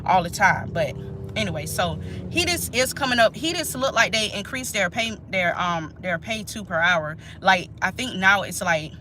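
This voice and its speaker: A woman's voice: medium pitch, animated, normal speed, pushed and bright, slight background noise. A woman, chatting casually and emphatically to her viewers during a live stream. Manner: chatty, emphatic, talks straight to viewers as "y'all". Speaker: nurse and channel host.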